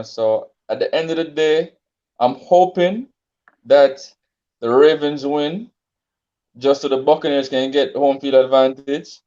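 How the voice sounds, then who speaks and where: Mellow, hesitant man debating football. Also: mid-range voice, dull audio. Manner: laid-back, hesitant with many ums and restarts. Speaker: sports podcast co-host. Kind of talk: casual sports debate.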